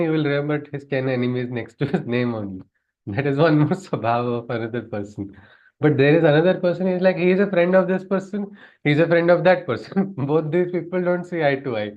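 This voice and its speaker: A man's voice: on the high side, highs cut off. A man teaching a class on scripture, in a conversational way, often putting questions to his listeners and chuckling. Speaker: spiritual teacher. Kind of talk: lecture on scripture.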